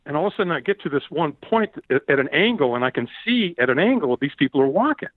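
Male guest, animated storyteller with a lively, swinging pitch, recorded over a dry, tinny phone-like line. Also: fast, dry recording. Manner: lively, acts out quoted shouts, repeats words. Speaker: podcast guest.

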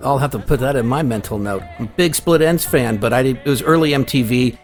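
Male co-host, mid-pitched, easygoing and chatty, faint music bed. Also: quick pace. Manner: relaxed, chatty, with fillers and trivia. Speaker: podcast co-host. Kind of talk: casual music podcast chat.

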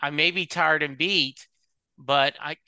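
Bright-voiced man chatting on a podcast. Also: fairly high pitch, measured pace, clear, resonant tone. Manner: relaxed, reads lyrics aloud and acts out anecdotes. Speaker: podcast co-host. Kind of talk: casual podcast chat.

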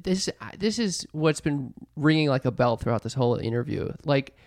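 A man's voice: medium pitch, expressive, moderate pace, a little mellow, no room sound, clean studio sound. Blunt, profane man podcast host. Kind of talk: casual chat.

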